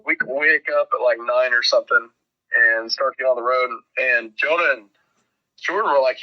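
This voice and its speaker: A man's voice: mid-range voice, moderate pace. A man telling a rambling, profane road story as a guest in a casual podcast chat. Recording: dull lo-fi sound.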